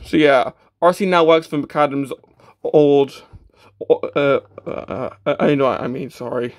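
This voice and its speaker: This toy review comes from a man with a higher-than-average voice who takes his time. Frequent stammering, "uh"s, and restarts run through his casual, matter-of-fact delivery, and he is quick to put himself down.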